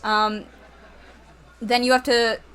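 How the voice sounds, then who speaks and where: A woman's voice: a little high, little pitch movement, slow pace, a bit bright, clean tone. A woman streaming a game with a friend, chatting casually, swearing and laughing, and reading out a game guide. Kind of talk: casual gaming stream chat. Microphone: desk mic picking up the room.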